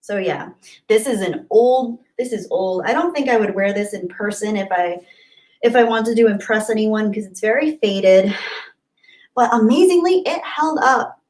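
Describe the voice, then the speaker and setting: A woman's voice: medium pitch, normal speed, a little mellow, rough recording. A young adult woman hosting a casual livestream, chatting and giggling as she answers viewers' comments by name. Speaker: livestream host.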